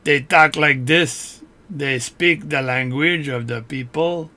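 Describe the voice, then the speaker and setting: A man voicing a mock Quebec French speaker, drawing out the words slowly and playfully. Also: a little high, bright, forceful tone, full character voice. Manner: mock accent, slowed and drawn out.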